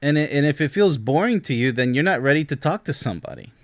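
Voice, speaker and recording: A man's voice: fairly high pitch, expressive, fast talker, no echo, clean studio sound. A man who works as a relationship coach, commenting on messages he reads out and chuckling between his points. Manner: chuckles often, talks to the viewer directly.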